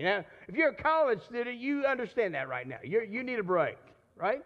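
A man's voice: high voice, big pitch swings, a little fast, a bit bright, highs cut off. A man preaching a sermon in a conversational way, often repeating and restarting his words. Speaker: pastor.

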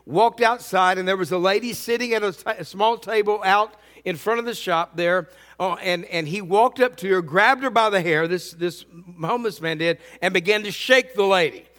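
A man's voice: high voice, moderate pace, a bit bright, in a large hall. A middle-aged man preaching a sermon as pastor, earnest and often repeating words.

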